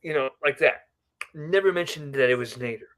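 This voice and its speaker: A fairly high-voiced man in a podcast chat, spinning a long story with asides. He keeps tagging his sentences with a quick "right?". His tone stays easygoing and conversational. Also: a bit bright. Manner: often ends remarks with a questioning "right?"; chatty, rambling with asides. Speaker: podcast guest. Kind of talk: casual storytelling.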